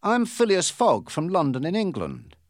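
A man doing a calm, formal English gentleman. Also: on the high side, normal speed, dry recording, studio quality, pitched above the performer's own voice.

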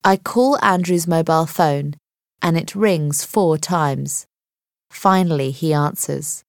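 A woman narrating a first-person story in a measured, clear reading voice. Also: low-pitched, no room sound, studio quality. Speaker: audiobook reader.

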